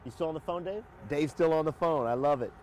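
A man's voice: fairly high pitch, fast, darkish tone, slight background noise. Upbeat man hosting a live walkthrough. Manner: upbeat, chatty, many uh fillers. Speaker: host of a sales livestream. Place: outdoors by a motorhome near a highway.

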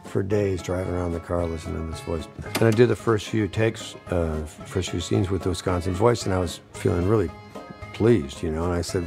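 A man's voice: low-pitched, brisk, creaky, music in the background. A man who voices a character, chatting casually and dryly joking on an animation set. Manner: dry, joking. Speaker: voice actor. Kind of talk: casual behind-the-scenes chat.

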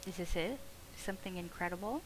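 A young woman streaming a game, excitable and profane, swinging from shouts to hushed asides. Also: fairly low pitch, a little fast, noisy background. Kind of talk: live game stream commentary.

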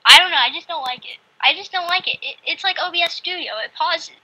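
A woman's voice: extremely high pitch, fast talker, sharp tone, poor audio. A female co-host chatting casually during a game-building session, humming tunes and rambling about side topics. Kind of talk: casual chat while coding a game.

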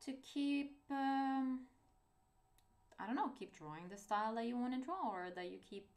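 A young Norwegian woman with a Norwegian accent talks about her art in a vlog, her voice a little high, darkish in tone, animated, and at a moderate pace. She chats hesitantly and rambles, often putting herself down.

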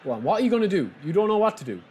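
Lads-type gamer guy yelling at his football game, bit higher voice, bounces all over. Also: very fast, slight background noise. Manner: excitable, frustrated outbursts, addresses viewers as lads. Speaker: gaming YouTuber. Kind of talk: live gameplay commentary.

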